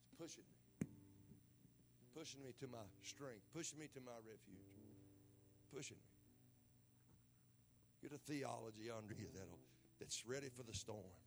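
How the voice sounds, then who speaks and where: A man with a rural Southern American accent preaching a sermon as pastor, folksy and emphatic, rising to shouted peaks. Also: medium pitch, normal speed, long pauses, over music.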